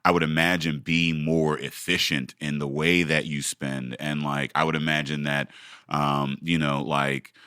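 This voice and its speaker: Very deep bright-toned guy rambling through a question, dry close sound. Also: little pitch movement, measured pace, clear, resonant tone, no echo. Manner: rambling, lots of fillers, crude jokes. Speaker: podcast co-host. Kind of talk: casual chat.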